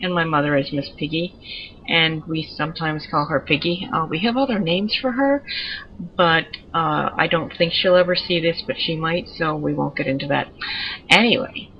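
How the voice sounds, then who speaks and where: A woman's voice: low-pitched, normal speed, highs cut off, slight background noise. A woman giving chatty, digressive commentary while showing off her pets in a video game. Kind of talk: casual gameplay commentary.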